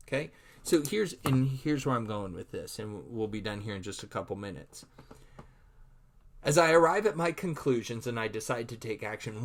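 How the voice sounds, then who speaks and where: A man giving a recorded online lecture, speaking conversationally with many repeated words and acting out his own thoughts. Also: medium pitch.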